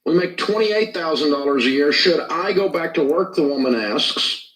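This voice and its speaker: A man giving financial advice on a call-in radio show, measured and pointed, stressing the numbers. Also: fairly high pitch, expressive, fairly bright tone. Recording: roomy clip from a distance.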